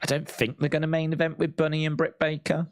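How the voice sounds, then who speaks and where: A man's voice: on the high side, completely flat delivery, fast talker, no room sound. Guy doing a wrestling watch-along stream, chatty, laughs a lot, dry close mic. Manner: chatty, reads out viewer comments, laughs often. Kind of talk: casual live-stream commentary.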